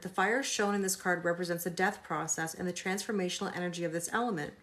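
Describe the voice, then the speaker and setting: This woman's voice is on the low side as she runs a live tarot reading. She talks casually with viewers, sarcastic and chatty, and recites the cards' meanings.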